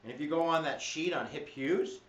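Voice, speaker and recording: Animated, high-voiced male teacher, echoey. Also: brisk. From United States. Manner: animated, jokey, puts on silly voices. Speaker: history teacher. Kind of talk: energetic exam review lecture. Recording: echoey room, dull lo-fi sound.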